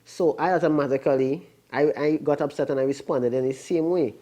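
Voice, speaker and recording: A man, talking casually with his wife about their marriage and telling an animated story in loose, informal speech. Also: fairly high pitch, fairly quick. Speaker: co-host, husband. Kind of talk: casual conversation.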